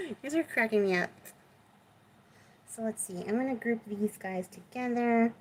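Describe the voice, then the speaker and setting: On a rough recording, a woman with a voice on the high side chats as she crafts in her home craft room. Hosting the video, she keeps things casual and pokes fun at herself while working.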